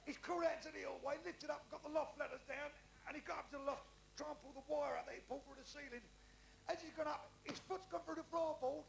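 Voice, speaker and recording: A man's voice: very high-pitched, steady tone, quick pace, slight background noise, poor audio. A man with a London Cockney accent telling jokes on a theatre stage, brash and foul-mouthed as he spins long shaggy-dog stories. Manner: gravelly, brash storyteller trading banter and swearing freely. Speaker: stand-up comedian. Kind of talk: live stand-up joke telling. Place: theatre stage before a live audience.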